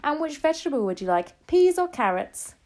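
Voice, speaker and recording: A woman's voice: high-pitched, sing-song, a little fast, a little mellow, voice pushed up. A woman voicing a polite, formal male hotel waiter who drawls his words, in a storybook reading.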